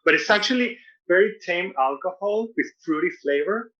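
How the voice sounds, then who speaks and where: Bright-voiced Venezuelan man doing stand-up. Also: high-pitched, lively intonation, moderate pace. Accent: Venezuelan Spanish. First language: Spanish. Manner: self-deprecating, repeats and restarts words. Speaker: stand-up comedian. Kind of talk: stand-up set over video call. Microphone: video call mic. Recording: dull lo-fi video call audio.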